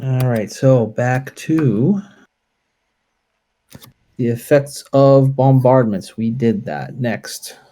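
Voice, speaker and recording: Slow, deliberate man reading dice rolls. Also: mid-range voice, mellow. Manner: deliberate, reads dice results aloud. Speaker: wargame player. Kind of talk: casual play-through commentary.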